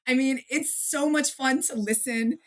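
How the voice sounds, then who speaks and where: A middle-aged woman from the Detroit area, an author chatting in an interview, lively and quick to act out quotes and laugh. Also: high voice. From Detroit area, USA. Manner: animated storyteller, acts out quotes, laughs often. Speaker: author and guest. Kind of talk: casual interview chat.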